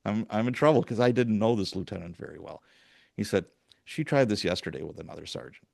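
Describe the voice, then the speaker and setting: Middle-aged ex-cop host: deep-ish voice, dry close mic, acts out every quote. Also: male voice, fast talker, creaky, no room sound. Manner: animated storyteller, acts out quoted dialogue. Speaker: podcast host, retired police sergeant. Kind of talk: casual storytelling interview.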